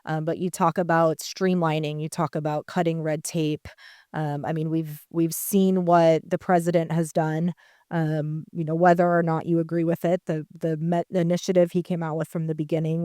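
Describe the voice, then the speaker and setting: A woman's voice: deep voice, dark tone, no echo, studio quality. A woman speaking on a panel as a political consultant, conversational and full of fillers. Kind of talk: panel discussion. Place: conference stage.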